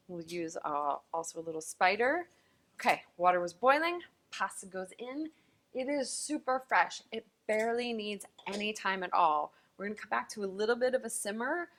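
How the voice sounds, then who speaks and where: Bright-voiced chatty woman chef. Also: medium pitch. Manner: chatty, enthusiastic, talks straight to viewers. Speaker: chef and cooking host. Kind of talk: cooking demonstration lesson. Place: kitchen.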